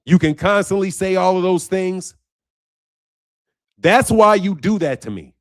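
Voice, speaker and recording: A man's voice: high voice, unhurried, no echo, studio quality. A man hosting a boxing channel, talking to camera in a casual monologue; he is emphatic and repetitive, swears often and turns intense and confrontational.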